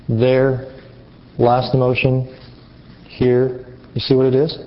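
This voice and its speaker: A man preaching an interactive sermon, animated and questioning his audience. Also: mid-range voice. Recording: muffled lo-fi recording.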